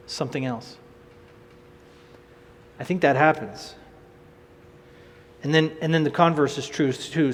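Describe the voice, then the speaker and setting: A man preaching a sermon in an animated, conversational way, often repeating phrases for emphasis. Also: mid-range voice, husky, in a large hall.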